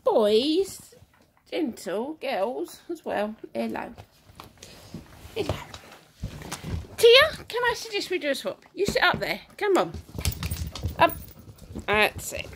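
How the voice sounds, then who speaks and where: A woman's voice: high-pitched, big pitch swings, takes it slowly, pauses often, fairly bright tone, a little hiss or hum. Woman, home video, leisurely and very sing-song, coos at pets. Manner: cooing, sing-song baby talk to puppies. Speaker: dog breeder filming her puppies. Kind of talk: casual chat to dogs while filming. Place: indoor living room at home. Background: puppies playing.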